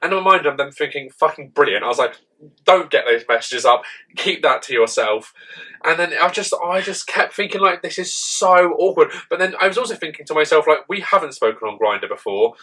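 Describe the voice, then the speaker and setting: A man's voice: a little high, quick pace, hardly any pauses, poor audio. A young man hosting a podcast, telling a story in a rambling way and saying "like" often. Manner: rambling, heavy use of "like", animated retelling. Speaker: podcast co-host. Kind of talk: casual storytelling chat.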